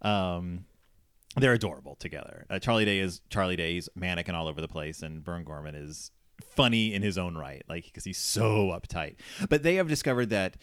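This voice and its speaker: Lower-voiced man, loose at-home film chat host, laughs a lot, dry close sound. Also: expressive, brisk, fairly bright tone, clear, resonant tone, dry recording. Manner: chatty, laughs often, rambling asides. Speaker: podcast host. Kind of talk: casual film review chat. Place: living room.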